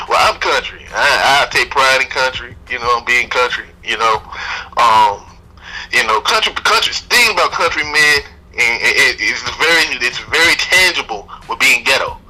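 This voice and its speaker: A man's voice: mid-range voice, lively intonation, unhurried, bright, forceful tone, low-quality recording. A man from Georgia with a Southern accent, co-hosting a podcast in loose, laughing, slangy banter. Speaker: podcast co-host. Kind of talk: casual chat.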